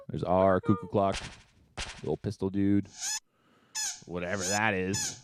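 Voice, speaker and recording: A man teaching a music tutorial, upbeat and chatty, counting beats out loud as he demonstrates. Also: low voice, little pitch movement, a little slow, pauses often, noisy background. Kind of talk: screen-share tutorial.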